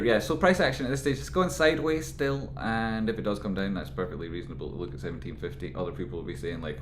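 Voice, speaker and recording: A man rambling through casual stock market commentary, with animated, exasperated rants. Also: low voice, quick pace, few pauses, reverberant, noisy background.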